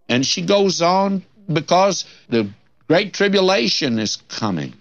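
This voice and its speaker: An older man delivers a folksy radio sermon in a slow, deliberate, fairly high voice. He reads scripture with dramatic flair, and the recording sounds dull and lo-fi. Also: big pitch swings, creaky. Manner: folksy, earnest preaching with dramatic scripture readings. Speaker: Bible teacher.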